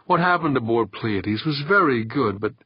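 A man voicing a conflicted married man in an audiobook, protesting in hushed, whispered tones. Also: mid-range voice, animated, moderate pace, husky, no room sound, lo-fi sound.

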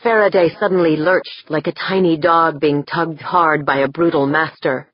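A woman narrates an audiobook in a steady, measured way, with a husky, low voice. The recording is dry and slightly dull. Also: dry recording.

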